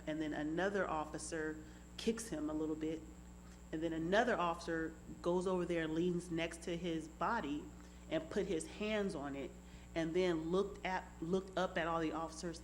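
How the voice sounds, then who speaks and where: A woman with a very low voice tells what happened, slowly and in detail. A faint hum sits under the recording. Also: rough recording. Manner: steady, detailed, deliberate storytelling. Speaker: family member telling her account. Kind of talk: recounting in an interview.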